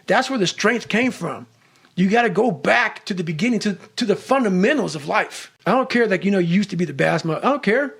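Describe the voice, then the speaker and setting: Gravelly, high-pitched male motivational speaker, intense and profane. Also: lively intonation, brisk, fairly bright tone. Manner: intense, cussing constantly.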